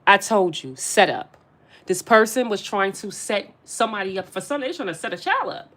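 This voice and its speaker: A woman's voice: mid-range voice, lively intonation, a little fast, a bit bright. Emphatic woman giving a tarot reading. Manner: emphatic, repeats phrases, addresses viewers directly. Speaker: tarot reader. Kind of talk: casual spiritual reading to camera.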